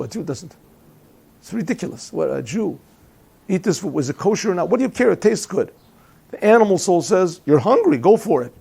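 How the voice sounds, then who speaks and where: Teaching a Chassidic class in a yeshiva classroom, this rabbi has a voice that sits high, a little mellow, with vocal fry and a breathy edge. He speaks conversationally, tells jokes, and often asks the listeners questions.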